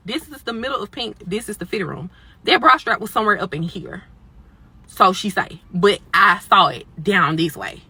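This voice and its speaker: A woman's voice: mid-range voice, animated, brisk, bright, forceful tone, slightly rough, no room sound. A woman telling a workplace story as an indignant, profane phone rant, acting out both sides of the argument.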